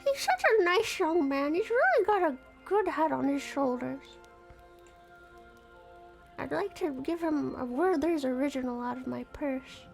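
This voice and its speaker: A woman doing a high doting little old lady. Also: expressive, unhurried, vocal fry, soft background music, exaggerated voice. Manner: fond, gushing granny talk.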